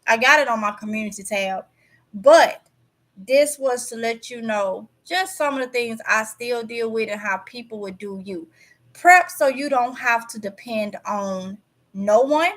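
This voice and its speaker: A woman's voice: fairly high pitch, measured pace, fairly bright tone. A woman hosting a casual livestream, preachy and emphatic, repeating words for stress. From Mississippi. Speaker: YouTube channel host.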